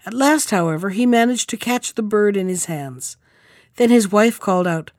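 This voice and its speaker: A woman hosting a podcast, reading a fairy tale aloud in a measured, clear way. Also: medium pitch, no echo, clean studio sound. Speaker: podcast storyteller.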